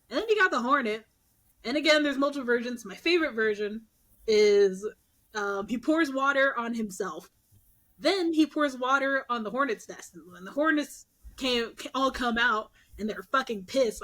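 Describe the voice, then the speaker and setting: On this podcast, a young female co-host tells myths in a relaxed, chatty way, voicing the characters with curses and laughs. She speaks at a moderate pace in a slightly high voice, full of animation.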